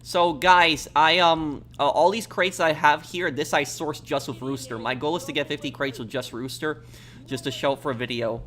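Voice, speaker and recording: A man streaming a video game, chatting casually with viewers in a relaxed, halting way. He sounds a little tired. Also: on the high side, a little hiss or hum. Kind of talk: live stream chat, answering viewers.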